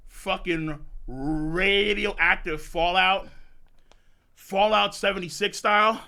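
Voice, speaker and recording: A man streaming a live manga reaction, excitable and profane, breaking into shouts of amazement. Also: sits high, a little slow.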